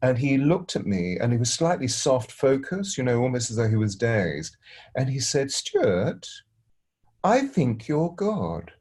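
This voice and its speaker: A middle-aged man, a spiritual teacher, telling a story gently and unhurriedly, pausing and restarting often. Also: medium pitch, animated, slightly rough. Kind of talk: reflective storytelling.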